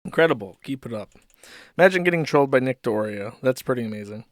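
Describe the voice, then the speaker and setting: A man hosting a live stream reads out posts and mocks them in a rambling commentary laced with swearing. His mid-range voice is expressive and fast, recorded at studio quality with no echo.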